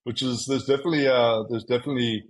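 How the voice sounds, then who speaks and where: Man, agency founder, casual interview, animated storyteller, quotes dialogue. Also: mid-range voice, very fast, poor audio. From South Africa.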